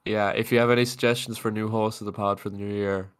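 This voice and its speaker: A man's voice: on the low side, flat delivery, quick pace, smooth. A man co-hosting a podcast in casual chat, sick with a cough, dry and laid-back. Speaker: podcast co-host.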